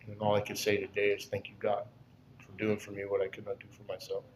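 A man's voice: on the low side, monotone, quick pace, slight background noise, rough recording. A man in his fifties giving an earnest personal testimony at a recovery gathering, rambling through his story and checking in with "you know?" again and again.

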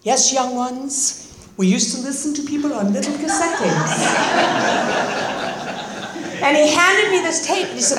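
Brief: fifties woman, recovery speaker, wry and lively, fairly high voice, roomy reverb. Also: a little slow, pauses often, background noise. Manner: animated, sarcastic, acts out voices. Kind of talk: personal testimony with humor. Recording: roomy echoing meeting hall.

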